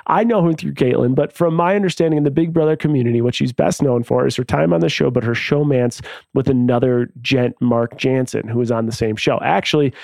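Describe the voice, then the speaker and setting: A man hosting a casual podcast interview, excitable and jokey, swearing freely. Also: on the high side, creaky, no echo. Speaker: podcast host.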